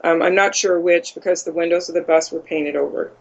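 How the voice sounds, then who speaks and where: An interview guest giving a first-person account in a halting way, with many ums and uhs. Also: mid-range voice, fairly even intonation. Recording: dull lo-fi audio.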